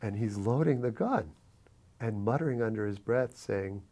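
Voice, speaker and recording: Man from New York City, slightly low voice, interviewee telling an anecdote, reflective, animated, lots of fillers. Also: normal speed. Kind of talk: oral history storytelling.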